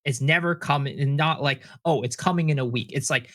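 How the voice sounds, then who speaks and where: Male podcast guest, a bit high-pitched, emphatic, restates his points. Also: a little fast, few pauses, fairly bright tone. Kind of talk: casual podcast chat.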